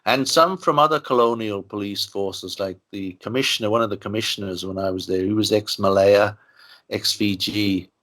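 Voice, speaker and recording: A man's voice: on the low side, normal speed, a bit bright. An older man from Ireland, an interviewee, telling long stories in a rambling way with many "you know" asides. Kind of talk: relaxed storytelling interview.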